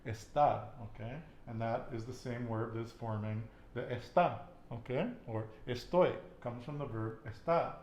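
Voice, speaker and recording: A man in a relaxed language lesson, quizzing a student and echoing back each answer with encouragement. His voice sits at an ordinary pitch. The room gives it a noticeable echo, with faint ambient noise behind. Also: a little slow, hardly any pauses. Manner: patient, encouraging, asks and repeats answers. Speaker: Spanish teacher.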